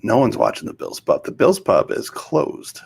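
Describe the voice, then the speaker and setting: A man's voice: medium pitch, huge pitch swings, moderate pace, vocal fry, a little mellow, breathy edge. A middle-aged man co-hosting a casual show, chatting in an easygoing, rambling way. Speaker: podcast co-host. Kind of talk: casual chat.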